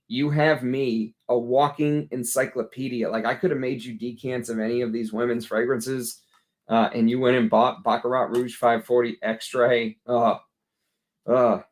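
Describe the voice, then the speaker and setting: A man's voice: medium pitch, level tone, normal speed. A man with a Texas accent hosting a casual livestream, tired after a long workday, chatting bluntly and answering viewers' comments. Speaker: fragrance livestream host.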